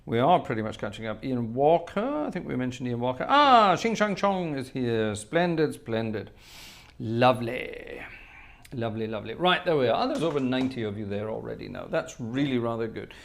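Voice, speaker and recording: Guy running a live stream, reads out viewer names, hums and chats along, mid pitch. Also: lively intonation, moderate pace, creaky. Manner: chatty, greets viewers by name, hums to himself while reading the chat. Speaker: host of a live-streamed organ music show. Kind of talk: casual live-stream chat greeting viewers.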